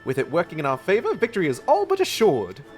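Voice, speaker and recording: A man plays a pompous old-fashioned inventor chief, voice pushed up high and swinging wildly as he boasts. It sounds like game dialogue read for laughs, with faint music underneath. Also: wildly swooping pitch, fast talker. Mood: boastful. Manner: grandiose, showy announcing.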